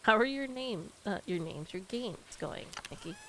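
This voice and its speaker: A woman's voice: medium pitch, normal speed, a little hiss or hum, rough recording. Giggly young woman streaming a game. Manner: giggly and animated, often laughing between lines. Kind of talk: casual chat while gaming.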